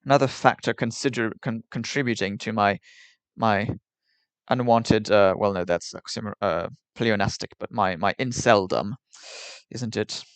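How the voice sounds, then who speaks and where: A man's voice: fairly low pitch, fairly even intonation, moderate pace, dry recording. Young guy rambling on his stream, wry and a bit mock-posh, dry close mic. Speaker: livestreamer. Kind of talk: casual livestream commentary.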